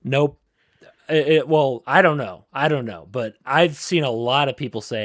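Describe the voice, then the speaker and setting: A man's voice: mid-range voice, normal speed, fairly bright tone, no room sound, studio quality. A man co-hosting a casual gaming podcast, rambling with lots of fillers and restarts. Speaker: podcast co-host.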